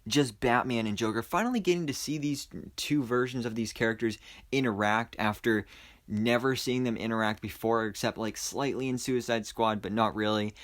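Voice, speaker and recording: A man's voice: medium pitch, normal speed. A young man giving a casual, enthusiastic movie review, rambling with lots of fillers and restarts. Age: young adult. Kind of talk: casual spoiler review monologue.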